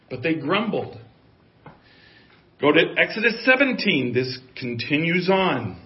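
A man's voice: fairly high pitch, sing-song, a little slow, long pauses. A male pastor preaching a sermon, emphatic and given to repeating key phrases for weight. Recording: echoey, dull lo-fi room sound.

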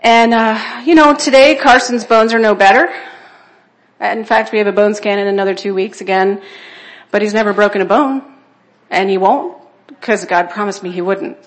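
A woman's voice: medium pitch, steady tone, normal speed. A woman speaking at a church conference, sharing personal testimony in an emotional, conversational way and checking in with her listeners.

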